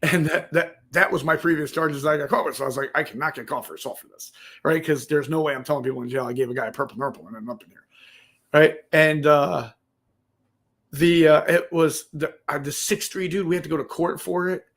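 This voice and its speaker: A man, a podcast guest, telling an animated casual story, acting out the quotes and tagging "right?" onto his lines. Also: a little high, brisk. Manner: animated, acts out quotes, says "right?" often.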